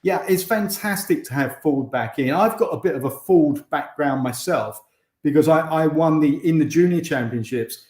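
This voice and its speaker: A man's voice: fairly high pitch, normal speed, darkish tone, reverberant. An English man, a former racing driver, chatting as a guest over a video call and often restarting his sentences. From England. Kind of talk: casual interview chat.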